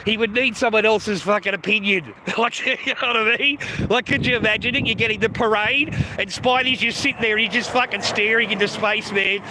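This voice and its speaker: High bright-voiced man ranting. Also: brisk, few pauses, slight background noise, poor audio. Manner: crude, swearing, mocking the viewer, laughs often. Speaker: livestream host. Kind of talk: ranting casual livestream chat.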